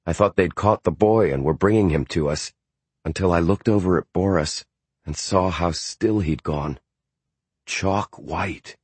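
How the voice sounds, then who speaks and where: A man narrating a novel in the first person in a measured way. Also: low voice, darkish tone, breathy edge, no room sound. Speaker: audiobook narrator. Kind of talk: scripted narration.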